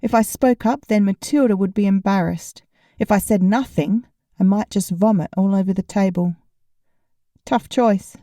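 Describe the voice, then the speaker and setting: A woman narrating a novel in first person, with a wry, deadpan delivery. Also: mid-range voice, normal speed, no room sound, studio quality. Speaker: audiobook narrator.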